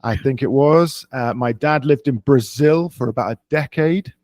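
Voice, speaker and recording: A man's voice: medium pitch, moderate pace, a little mellow, no echo. British man with a dry close voice. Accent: British, London. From England. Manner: self-deprecating, rambling with restarts. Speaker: podcast host, interviewed as guest. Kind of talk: relaxed interview answers.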